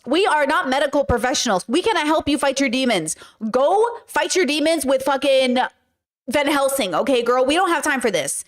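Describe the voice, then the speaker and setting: A woman's voice: sits high, lively intonation, moderate pace. A woman from the Bronx, hosting a podcast and reacting in heated, slangy commentary. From the Bronx, New York. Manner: heated, exasperated, slangy, calls listeners bros and girl. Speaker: podcast host.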